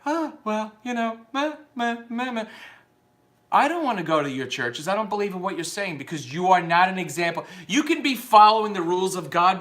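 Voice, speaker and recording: A man's voice: sits high, pushed and bright. A man delivering an unscripted, profane, combative rant that rambles from point to point.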